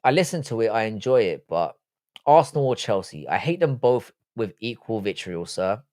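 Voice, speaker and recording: A man's voice: fairly low pitch, big pitch swings, moderate pace, a little mellow, no room sound. A man with a London accent, hosting a live stream, reading viewer comments aloud and answering them bluntly with dry asides. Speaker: livestream host reading chat. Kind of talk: casual live chat.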